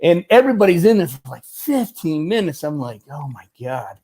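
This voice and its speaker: A middle-aged man, a former Marine, tells animated stories in a casual interview, laughing often and restarting his sentences. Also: a little high, normal speed. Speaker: guest, former Marine turned film military advisor.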